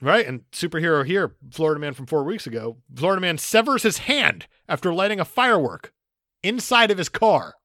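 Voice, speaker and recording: Bright, lively male podcast host. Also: a little high, brisk, no echo, studio quality. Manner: laughs often, reads headlines aloud. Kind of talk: casual chat.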